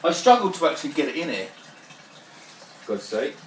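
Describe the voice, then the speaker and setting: A man's voice: fairly high pitch, sing-song, moderate pace. A man chatting casually and swearing as he works through a home brew day, talking straight to his viewers. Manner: chatty, sweary, prone to exclamations. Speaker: home brewer. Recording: roomy, distant mic, faint background noise.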